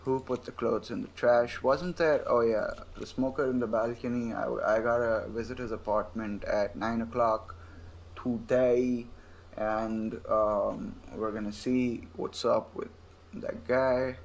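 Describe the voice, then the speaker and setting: A man's voice: mid-range voice, fairly even intonation, unhurried. A young man casually commenting as he plays a video game, thinking aloud in a laid-back, profane way. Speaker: gamer playing through a game. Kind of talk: casual let's-play commentary.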